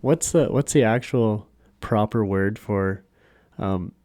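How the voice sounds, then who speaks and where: A man's voice: on the low side, slow, warm tone, no echo, studio quality. A man co-hosting a podcast, chatting casually over drinks, laid-back, laughing along and trailing off as he hunts for words. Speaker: podcast co-host.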